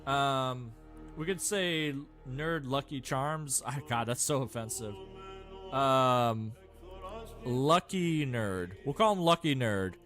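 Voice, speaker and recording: A man's voice: medium pitch, slow, fairly bright tone, faint music behind. A man casually commentating his own strategy gameplay, rambling and thinking aloud with many fillers and self-mocking asides. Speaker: gameplay streamer.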